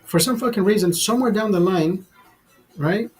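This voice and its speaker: A man's voice: sits high, normal speed, husky, faint music behind, low-quality recording. A man telling a story to his camera in a heated, profane rant, repeating himself as he goes. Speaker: vlog host.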